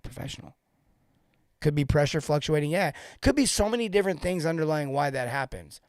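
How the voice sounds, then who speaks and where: A man coaching plumbing technicians on a live show, emphatic and animated, hammering his points home through repetition. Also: a little high, quick pace, no echo, studio quality.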